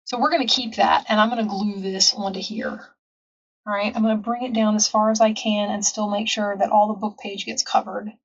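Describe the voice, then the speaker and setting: A woman's voice: medium pitch, little pitch movement, fairly quick, distant mic, lo-fi sound. A woman hosting a casual craft tutorial, chatting and rambling with frequent ums in her home craft room. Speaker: craft channel host.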